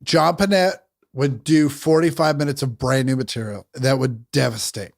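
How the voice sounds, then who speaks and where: A man comedian telling quick, enthusiastic anecdotes in a podcast chat. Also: medium pitch, steady tone, gravelly.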